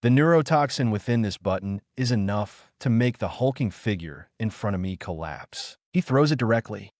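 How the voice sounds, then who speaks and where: A man's voice: fairly low pitch, lively intonation, moderate pace, darkish tone, dry recording, studio quality. A man narrating an audiobook in a dramatic style, calling out sound effects with punch. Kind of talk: audiobook narration of a fan novel.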